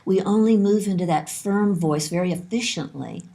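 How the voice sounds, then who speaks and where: A woman lecturing on child development, calm and explanatory, repeating her key points. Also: medium pitch, normal speed. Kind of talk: instructional lesson narration.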